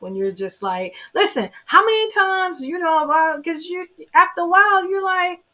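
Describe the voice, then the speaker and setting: A woman's voice: very high-pitched, animated, normal speed, few pauses, pushed and bright. A woman giving earnest, emphatic relationship advice straight to her viewers, often saying "you know" and "oh my goodness.". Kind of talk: earnest advice talk to camera.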